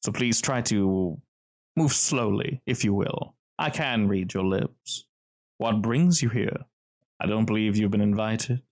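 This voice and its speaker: A man voicing a tall, distinguished, guarded gentleman who speaks smoothly and calmly. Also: on the low side. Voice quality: smooth, velvety. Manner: calm, measured, cagey.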